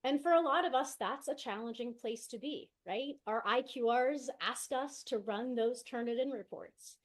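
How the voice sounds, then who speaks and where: Soft-spoken woman presenting on a video call. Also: fairly high pitch, normal speed. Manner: steady explaining, often tags "right?". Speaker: conference presenter, educator. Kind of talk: online conference presentation. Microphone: video call mic, set far from her.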